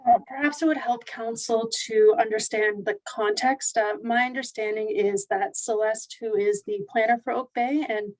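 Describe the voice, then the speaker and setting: A woman planner addressing a town council, her voice a little high. She explains the context calmly and politely. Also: normal speed, few pauses, rough recording. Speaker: planner presenting reports. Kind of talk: formal meeting remarks.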